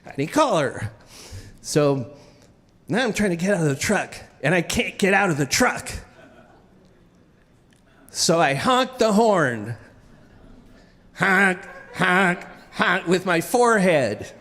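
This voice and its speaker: A man telling a wry, self-deprecating comic story on stage at a live event, with halting restarts. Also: high voice, sing-song, a bit bright. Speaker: featured storyteller. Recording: reverberant live hall.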